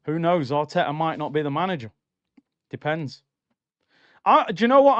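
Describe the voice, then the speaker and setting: A man hosts a live football watchalong, chatty and opinionated as he reads out viewer comments. His voice sits a little high. The recording is dry, with no room sound. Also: clean tone, dry recording, lo-fi sound. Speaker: livestream host.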